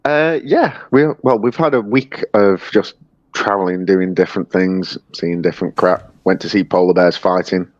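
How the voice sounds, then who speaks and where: A man's voice: deep voice, moderate pace, no room sound, lo-fi sound. A man chatting casually and laughing easily as co-host of a live stream.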